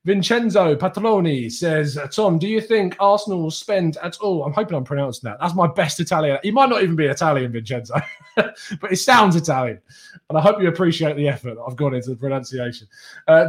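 A man's voice: fairly high pitch, animated, fairly quick. A young man hosting a football live stream, reading viewer chat and bantering with them, laughing often.

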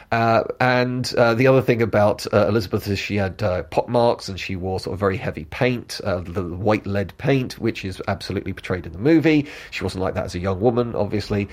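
Chatty man explaining history. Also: on the low side. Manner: chatty and digressive, with quick asides. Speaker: history commentator.

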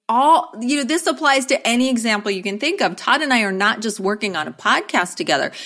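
A woman's voice: mid-range voice, fairly bright tone. Enthusiastic woman co-hosting a podcast. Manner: enthusiastic, quick, emphatic. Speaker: podcast co-host. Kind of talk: casual conversational podcast.

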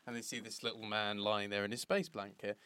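A man's voice: fairly low pitch, flat delivery, fairly quick, bright, forceful tone, smooth, no room sound. A man, co-hosting a casual chat and retelling scenes with lots of laughter and swearing. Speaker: podcast co-host.

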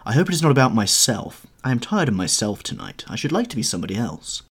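A bored, petulant young dandy, put on by a male audiobook reader, drawling airily and then leaping into sharp high lilts. The voice sits well above the reader's own, a little husky and swinging widely in pitch. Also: sing-song, fast. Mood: languid. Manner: airy and languid, with sudden high lilts. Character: languid, petulant young gentleman, bored and witty. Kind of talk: audiobook character reading.

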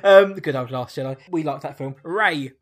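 Young bloke, kinda high voice, keeps laughing and throwing out prompts, music faint behind. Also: male voice, normal speed. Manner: laughs often, prompts with short quips. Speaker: podcast co-host. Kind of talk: casual comedic chat.

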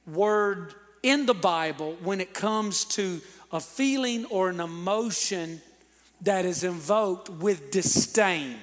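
A man preaches with a high voice at an unhurried, deliberate pace. He calls out to the congregation for answers and swells into shouts. His voice rings through the long reverb of a church hall. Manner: preaching with call-and-response to the congregation; builds to shouting peaks. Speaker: pastor. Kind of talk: sermon. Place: church sanctuary.

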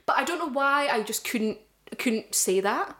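A young woman co-hosting a podcast, telling an animated story with frequent laughter. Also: high-pitched, a little slow. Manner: animated storyteller, laughs often, mimics others. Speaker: podcast co-host. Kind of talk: casual chat, storytelling.

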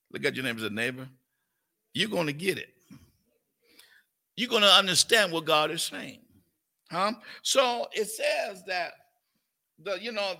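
An older man preaches a Bible study sermon. His voice sits high and bright with a gravelly edge. He talks slowly and folksily, calling on the people in front of him. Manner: folksy, calls on listeners, puts on a cooing grandparent voice. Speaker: pastor.

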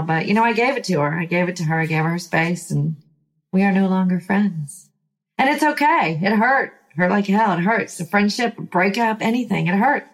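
A woman's voice: mid-range voice, lively intonation, brisk. A woman life coach telling her story in an emphatic, sighing way, with fired-up bursts. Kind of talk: motivational personal story.

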